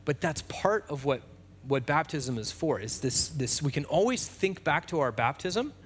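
A man preaching a sermon in a relaxed, conversational way, with fillers and restarts. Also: fairly high pitch, a little hiss or hum. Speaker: pastor.

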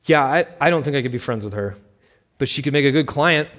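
A man voicing a self-absorbed, ambitious middle-aged mother who talks in a brisk, dismissive way. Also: mid-range voice, lively intonation, a bit bright, close to an everyday voice. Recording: long reverb.

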